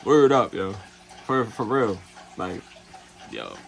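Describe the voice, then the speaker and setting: Low-voiced with huge pitch swings and audible vocal fry, a male travel vlogger tells a casual, foul-mouthed travel story. He peppers it with fillers like "you know what I'm saying" and mimics other people's words in fast put-on voices.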